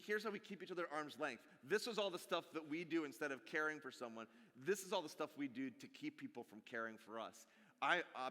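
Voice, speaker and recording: A man in his forties preaches to his congregation in a bright, high voice that swings widely up and down. He is animated and jokey and speaks straight to the people in front of him, and his words ring out with a long reverb from a church hall. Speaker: pastor. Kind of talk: sermon. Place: church sanctuary.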